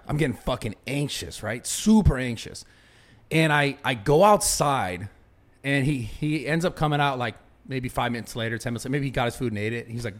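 A man's voice: mid-range voice, fairly quick. A young man on a podcast, telling a story animatedly, swearing a lot and restarting his sentences. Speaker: podcast host. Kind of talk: casual podcast chat.

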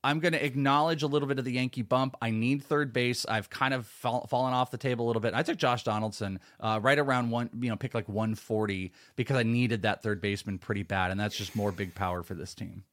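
A man's voice: mid-range voice, steady tone, quick pace, hardly any pauses, fairly bright tone. A man analyst talking through his fantasy baseball picks in a rambling, easygoing way. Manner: chatty, rambling, laughs easily. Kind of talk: casual draft chat.

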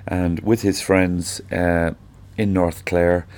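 Irish singer-songwriter in his sixties, low voice, thoughtful unhurried storyteller in an interview. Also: flat delivery, darkish tone. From Ireland. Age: 60s. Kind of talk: reflective conversational interview.

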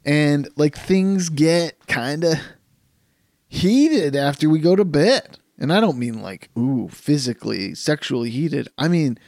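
A man with a gravelly, fry-laced voice holds forth on a casual podcast, circling back and restarting his points as he goes. He sits close to the mic in a dry, dead room. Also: fairly high pitch, slow pace, dry recording. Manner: rambling, animated storytelling with many restarts. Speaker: podcast co-host.

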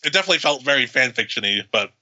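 A man's voice: mid-range voice, expressive, racing, pushed and bright, muffled recording. A man co-hosting a podcast in casual chat, swearing and laughing often. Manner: profane, laughing. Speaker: podcast co-host.

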